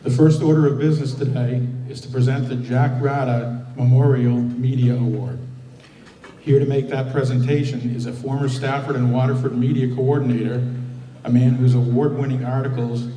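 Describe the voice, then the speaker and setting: A man with a very dark, mellow voice reads his welcome remarks at an awards banquet in a steady, prepared way. He is heard from a distance, and the banquet hall around him echoes. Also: medium pitch, moderate pace. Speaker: hall of fame president and emcee. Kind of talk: formal ceremony speech.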